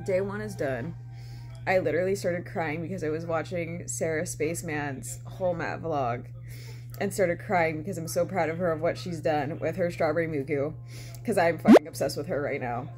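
A woman's voice: deep voice, moderate pace. A young woman vlogging casually at night, tired and emotional, laughing and swearing often. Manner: giggly, swearing, laughs a lot. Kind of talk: casual convention vlog chat. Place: hotel room at night. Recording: music playing behind.

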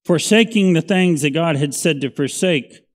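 Folksy pastor teaching scripture. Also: male voice, fairly high pitch, moderate pace. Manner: conversational, folksy, asks "right?" often. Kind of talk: Bible study teaching.

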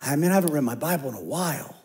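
A middle-aged man preaching a sermon as a pastor, talking conversationally and dropping to a hush when he tells stories. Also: on the high side, animated, rapid-fire.

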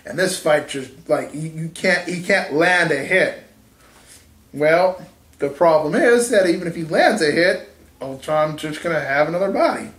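A man spins a rambling, profane story in casual chat and chuckles at his own jokes. His voice sits a little high and rings in an echoey room. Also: lively intonation, normal speed, a bit bright. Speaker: podcast co-host.

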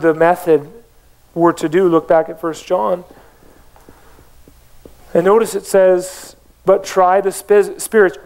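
A man preaching a sermon as pastor of a church, emphatic, with rhetorical questions to the congregation. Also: high voice.

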